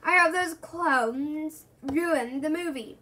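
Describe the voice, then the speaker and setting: A woman reading a storybook aloud and voicing a big, cross, bossy publisher man who yells. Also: sits high, slow, exaggerated voice. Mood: furious. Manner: shouting, angry.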